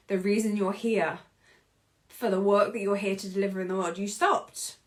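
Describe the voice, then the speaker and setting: A British woman in her thirties hosting a podcast, speaking in an expressive reflective monologue and often laughing. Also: mid-range voice, normal speed. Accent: British English. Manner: expressive, acts out quoted voices, laughs often. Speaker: podcast host.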